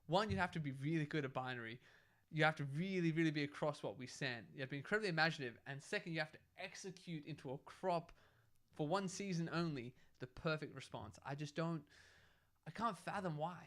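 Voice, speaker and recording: Animated young man theorizing. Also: on the high side, fast. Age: young adult. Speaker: podcast co-host. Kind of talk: casual chat.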